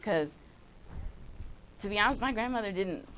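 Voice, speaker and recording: A woman's voice: mid-range voice, animated, moderate pace, a bit bright, a little hiss or hum, rough recording. A woman co-hosting a casual talk show, telling a family story in a plain way with frequent murmured agreement. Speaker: podcast co-host. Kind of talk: casual chat.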